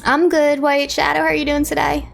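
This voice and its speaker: A woman with a high voice talks loosely and casually, greeting her viewers one by one as she chats. Faint music plays under her voice. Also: monotone, a little fast, creaky. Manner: chatty, greets viewers by name. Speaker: live streamer.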